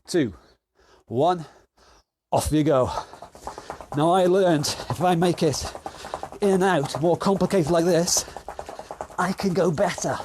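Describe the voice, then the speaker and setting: A man's voice: on the high side, a little mellow, slight background noise. Jokey, winded fitness instructor man. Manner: jokey, rambling coaching with countdowns. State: out of breath. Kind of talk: online workout class. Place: home garage.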